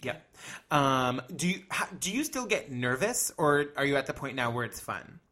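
A man's voice: mid-range voice, big pitch swings, normal speed, bright, forceful tone. A man hosting an interview podcast, teasing his guest in a playful, sarcastic way. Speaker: podcast host. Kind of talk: casual interview chat.

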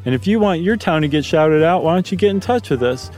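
A man's voice: a little high, animated, quick pace, a little mellow, faint music behind. A man co-hosting a podcast, chatting casually and rambling with fillers and jokey asides. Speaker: podcast co-host. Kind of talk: casual chat.

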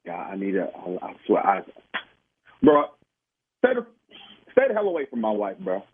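A man's voice: fairly low pitch, wildly swooping pitch, moderate pace, breathy edge. A man in a heated phone argument, angry, profane and stammering as he confronts the caller. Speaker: prank call target. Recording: tinny phone line.

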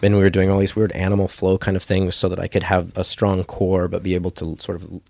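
A man's voice: deep voice, completely flat delivery, fast talker, gravelly, darkish tone, dry recording, clean studio sound. A man, an actor guest on a podcast, chatting casually with rambling, self-amused anecdotes. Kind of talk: casual chat.

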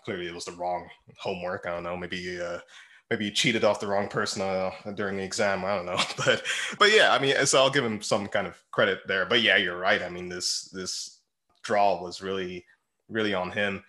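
A man's voice: low-pitched, steady tone, normal speed, sharp tone. A man co-hosting a casual football podcast, rambling with many fillers and frequent laughs. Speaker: podcast co-host. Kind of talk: casual chat about football.

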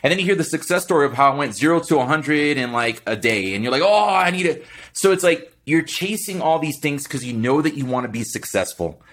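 A man speaking as a podcast guest, in an energetic, motivational chat style, often tagging his points with a quick "right?". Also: medium pitch. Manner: energetic, keeps adding "right?".

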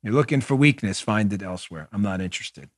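A man's voice: fairly low pitch, expressive, fast talker, no room sound. Sex: man. Role: podcast host, emphatic, dry studio sound. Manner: emphatic, earnest, addresses listeners as folks; talks aside to a partner in the room. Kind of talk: political opinion commentary.

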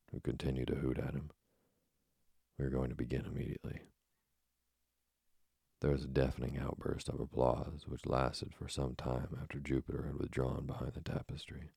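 A very deep, gravelly male audiobook narrator reads scripted narration in a measured, even storytelling style. The recording is studio quality with no echo.

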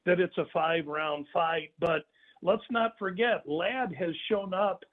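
A man breaking down a fight as a sports analyst, measured and halting with restarts. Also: high voice, steady tone. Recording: phone-line audio.

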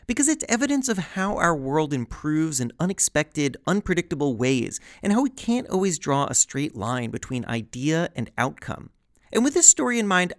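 Male podcast host: scripted, wry and chatty, slightly high with a gravelly rasp. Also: no echo, clean studio sound. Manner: lively, wry, chatty asides.

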